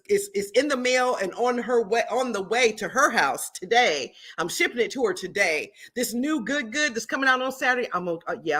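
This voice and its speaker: A woman's voice: a little high, bright, forceful tone. A middle-aged woman from the US, hosting an upbeat live stream and hyping up her viewers with lots of repetition. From Southern US. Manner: exuberant, hype-building, talks to viewers directly, repeats herself. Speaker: livestream host and product founder.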